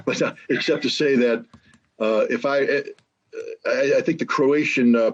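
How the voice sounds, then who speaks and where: A man giving emphatic, animated political commentary as an interview guest, often repeating words as he thinks. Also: medium pitch, slightly rough, highs cut off. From United States.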